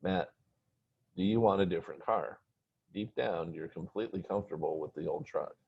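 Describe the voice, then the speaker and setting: Guy doing a calm lecturing dad voice, deep and husky, muffled audio. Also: moderate pace, exaggerated voice. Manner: patient, preachy lecturing. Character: calm, lecturing wealthy father. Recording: dull lo-fi recording.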